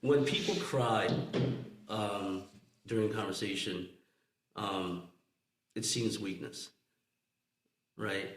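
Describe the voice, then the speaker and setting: A man explains calmly, often checking that his listeners agree. His voice sits low. He is heard in an echoey room. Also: slow pace, pauses often, faint music behind. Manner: explaining, calm, asks for agreement. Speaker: podcast co-host. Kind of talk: casual explanatory talk.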